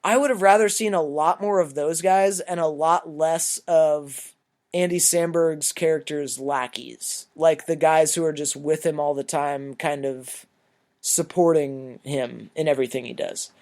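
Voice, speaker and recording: A man's voice: fairly high pitch, steady tone, a little slow, darkish tone. A man co-hosting a podcast, chatting casually through a movie review in a loose, rambling way and swearing freely. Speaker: podcast co-host.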